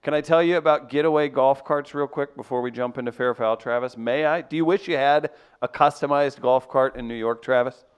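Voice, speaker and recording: A man's voice: medium pitch, fairly quick, hardly any pauses, smooth. A man hosting a comedy podcast, teasing his co-hosts, laughing often and reading sponsor spots. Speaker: podcast host. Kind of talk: casual comedic podcast banter.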